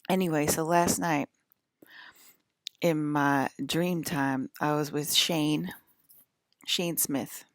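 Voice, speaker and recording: Speaking to her viewers in a rambling, casual way, an East Coast woman in her thirties laughs frequently and sometimes whispers. She has a deep voice with a steady tone, talks slowly, and leaves long pauses, and the recording has no echo.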